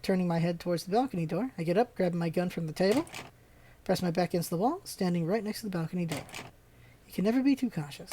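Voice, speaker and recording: A woman's voice: on the low side, mellow, a little hiss or hum. A woman hosting a let's-play, reading a visual novel's first-person narration with asides.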